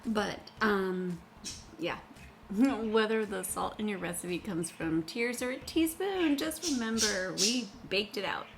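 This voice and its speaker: Here the middle-aged baking podcast host speaks in a mid-range, gravelly voice with lively intonation, taking her time over background noise. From her kitchen she chats casually while baking, rambling with lots of fillers and frequent giggles.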